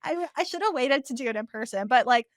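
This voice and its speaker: A high-voiced young woman talks fast on a podcast she co-hosts, telling stories animatedly and frequently breaking into laughter during casual chat. It's recorded in clean studio sound with no echo.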